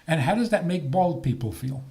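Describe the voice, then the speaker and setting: A man's voice: fairly high pitch, brisk, vocal fry. An older man, a rabbi, giving a talk on faith with jokes and rhetorical questions. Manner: animated, joking, rhetorical questions.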